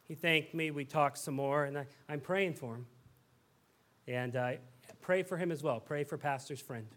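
A male pastor in his thirties delivering a sermon, his voice sitting a bit higher than most men's. He tells stories in a conversational, animated way. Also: normal speed, long pauses.

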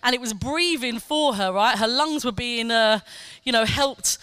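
A woman preaching a sermon, telling a personal testimony in an animated way and acting out quoted lines. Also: on the high side, unhurried, clean tone, dry recording. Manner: animated storytelling, acts out quotes, laughs often.

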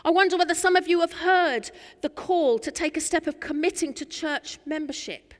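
An English woman preaching a sermon, earnest and rhythmic with much repetition, swinging between loud and soft. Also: very high-pitched, normal speed. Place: church. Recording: long church hall reverb.

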